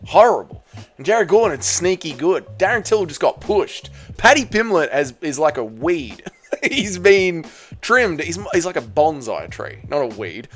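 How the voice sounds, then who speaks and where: A man's voice: on the high side, sing-song, unhurried, faint music behind. A man hosting his own MMA channel, ranking fighters in a joking, irreverent rant that often trails off and restarts. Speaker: MMA commentary host.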